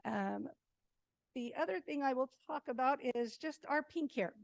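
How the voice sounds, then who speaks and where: A woman with a fairly high voice recounts a story to a meeting in a relaxed, chatty way, full of fillers and small laughs. The sound is dry and close, with no room echo. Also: unhurried, vocal fry. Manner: warm anecdotal telling with fillers and laughs. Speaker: senior meal program presenter.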